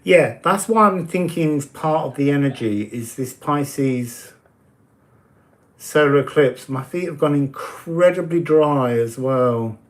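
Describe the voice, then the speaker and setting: A man's voice: on the high side, animated, slow. A man giving oracle card readings in a casual live-stream chat, talking easily, answering viewers' comments and laughing often.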